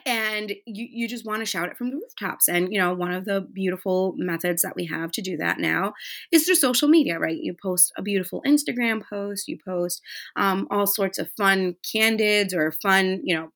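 A woman's voice: medium pitch, normal speed, a bit bright. A woman in her thirties hosting a casual, heartfelt monologue, chatty with many fillers. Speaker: podcast host.

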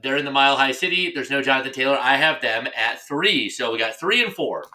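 A man's voice: mid-range voice, animated, fairly quick, bright, forceful tone. A man co-hosting a podcast in casual chat, joking and ranting. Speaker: podcast co-host.

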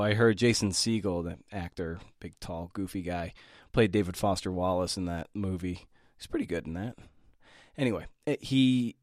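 A man's voice: lowish voice, darkish tone, no room sound, studio quality. A man hosting his own podcast, talking in a loose, chatty way with slang and self-deprecating asides, now and then stumbling over his words. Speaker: podcast host. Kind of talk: casual podcast monologue.

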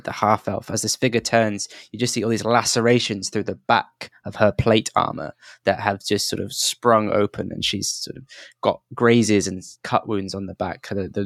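A man's voice: lowish voice, vocal fry, dry recording, studio quality. A man narrating a tabletop game as game master, descriptive and full of restarts. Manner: descriptive, hesitant, many restarts.

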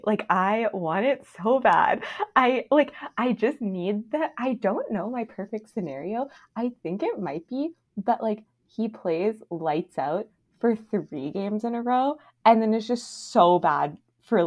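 A young woman from Canada co-hosting a podcast, talking in a gushing, animated way full of "like" fillers. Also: medium pitch. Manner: animated, filler-heavy, gushing fan talk. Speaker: podcast co-host. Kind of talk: casual chat.

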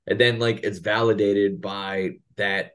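A man who is a podcast guest, chatting about a film in a laid-back, agreeable way with quick short replies. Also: lowish voice, little pitch movement, clear, resonant tone. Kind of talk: casual chat about a film.

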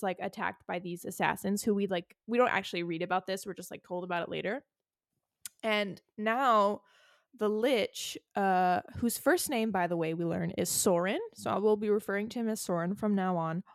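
Woman co-host, animated giggly storyteller, dry close recording. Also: mid-range voice, moderate pace, dry recording. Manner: animated storyteller, giggly, says "okay?" a lot. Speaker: podcast co-host. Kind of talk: casual chat recapping a book.

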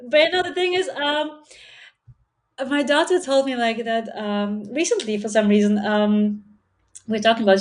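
A woman from Sweden in casual conversation, rambling and tucking "you know" into her sentences. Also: medium pitch. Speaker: discussion participant.

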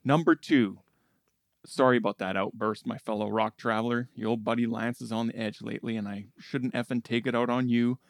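A man puts on a loudmouth rock-show host for a comedy bit. He swaggers through his lines, trades insults and leans on a gravelly, middle-pitched voice. The sound is dry and close. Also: steady tone, a little fast, dry recording, close to an everyday voice. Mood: boastful. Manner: swaggering, insulting, bleeps himself with "effing". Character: brash foul-mouthed male rock-show host.

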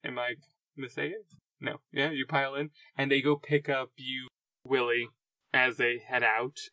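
A man's voice: mid-range voice, level tone, sharp tone, no echo, recorded from a distance. A man running a tabletop game as game master, laughing often and restarting sentences. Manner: laughing often, restarts mid-sentence, puts on quick character voices.

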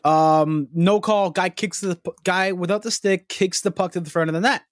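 A man's voice: sits high, moderate pace, dry recording, clean studio sound. A young man telling a long rambling story on a podcast, swearing freely and getting worked up. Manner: animated, profane, rambling storytelling. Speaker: podcast co-host.

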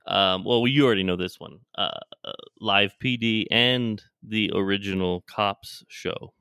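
A man's voice: lowish voice, unhurried, pushed and bright, clear, resonant tone, no echo, clean studio sound. A man co-hosting a casual podcast chat, hesitant, with many fillers and restarts. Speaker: podcast co-host.

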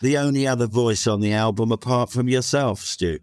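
A man's voice: medium pitch, moderate pace, darkish tone, dry recording. A man, a band member, speaking admiringly about a song in a podcast conversation.

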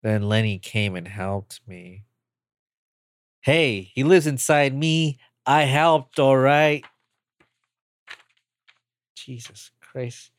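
A man's voice: mid-range voice, takes it slowly, clear, resonant tone, no echo. A man co-hosting a podcast, reading a script aloud in a casual way and making joking, self-deprecating asides. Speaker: podcast co-host. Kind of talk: casual table read and banter.

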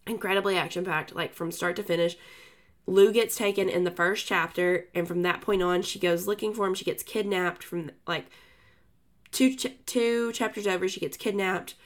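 A woman's voice: lowish voice, steady tone, moderate pace. A woman co-hosting a book podcast, talking in a casual, chatty way full of fillers and restarts.

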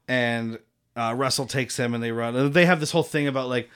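A man's voice: mid-range voice, a little fast, a bit bright, clear, resonant tone. A man co-hosting a podcast, recapping a film in casual chat, rambling with lots of fillers and free swearing. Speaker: podcast co-host.

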